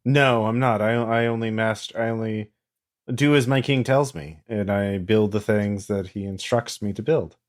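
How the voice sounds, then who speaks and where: A man's voice: lowish voice, moderate pace, close to an everyday voice. A man voicing a mild builder loyal to his king. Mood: evasive. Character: calm male builder serving a king.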